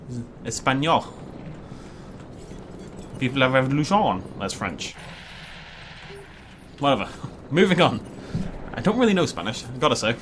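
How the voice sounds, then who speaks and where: A man's voice: medium pitch, noisy background. Young man rambling through game commentary. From Wales. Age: young adult. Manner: rambling and jokey, laughs often. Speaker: gaming video host. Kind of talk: casual let's-play commentary.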